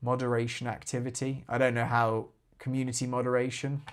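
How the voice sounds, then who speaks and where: A man's voice: medium pitch, completely flat delivery, brisk, smooth. A man hosting a live airsoft stream, chatting casually and reading out viewer comments between giveaway talk. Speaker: airsoft channel host.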